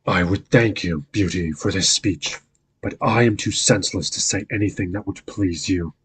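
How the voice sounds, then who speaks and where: A man doing a gruff, sorrowful beast. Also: sits low, unhurried, full character voice. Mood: melancholy. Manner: melancholy, awkwardly polite. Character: gentle, sad, gruff male beast.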